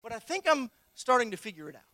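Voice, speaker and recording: A preacher giving a conversational sermon full of rhetorical questions, breaking into shouted emphasis. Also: mid-range voice, very animated, fast, dry recording.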